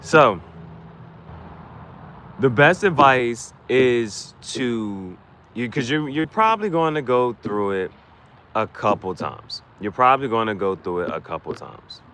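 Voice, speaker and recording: A man's voice: on the low side, fairly bright tone, a little hiss or hum. Rambling casual male game streamer. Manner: rambling, restarts a lot, breaks into quick rap freestyles for gifts. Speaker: gaming streamer. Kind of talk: casual game commentary with gameplay tips.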